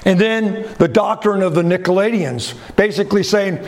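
A man preaching a sermon, emphatic and deliberate, asking rhetorical questions and letting his phrases fall at the end. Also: a little mellow. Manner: drops pitch sharply at the ends of phrases.

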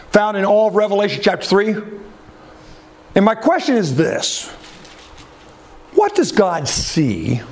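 A man preaching with a high voice, unhurried and deliberate. He asks the congregation questions and lands his points with falling phrase endings. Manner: drops pitch sharply at the ends of phrases. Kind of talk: sermon.

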